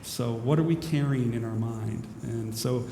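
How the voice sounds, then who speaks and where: A minister giving a talk in an echoey hall. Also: male voice, mid-range voice, measured pace. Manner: rambling, self-mocking, with restarts. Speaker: minister and speaker. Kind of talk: humorous inspirational talk. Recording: echoey hall with faint noise.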